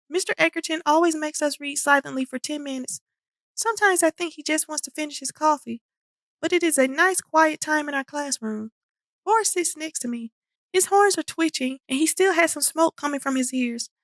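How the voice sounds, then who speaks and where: A woman reading a children's storybook aloud in an animated, expressive way. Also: sits high, dry recording, clean studio sound. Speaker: storybook reader. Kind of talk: children's book read-aloud.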